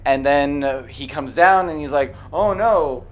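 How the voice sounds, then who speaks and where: Halting man recapping a movie plot. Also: medium pitch, smooth. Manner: halting, with many fillers.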